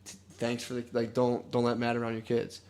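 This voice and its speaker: A man's voice: medium pitch, monotone, brisk, a little mellow. A young man co-hosting a podcast, his voice sitting in a middling register. He tells long, rambling stories full of swearing and keeps dropping "dude" as he goes. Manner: rambling, profane storytelling with frequent "dude". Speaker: podcast co-host. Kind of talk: casual podcast chat.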